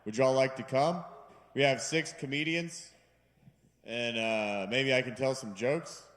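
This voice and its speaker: A man with a medium-pitched, fairly bright voice performs an unhurried stand-up set on a bar stage. His rambling routine is self-deprecating, and he puts on voices for the jokes, with long reverb filling the live room.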